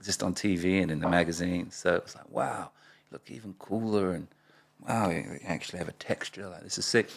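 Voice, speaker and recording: Deep gravelly man telling stories. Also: brisk. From Australia (Perth). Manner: animated storyteller, laughs often. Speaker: guest, rapper. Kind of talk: casual interview storytelling.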